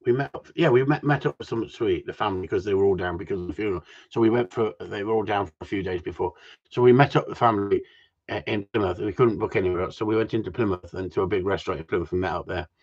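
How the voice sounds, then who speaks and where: A man's voice: on the low side, very fast, slightly rough, highs cut off. A man hosting a live stream, telling a story as a casual rant with lots of swearing. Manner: animated storytelling with frequent swearing. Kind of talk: casual ranting chat.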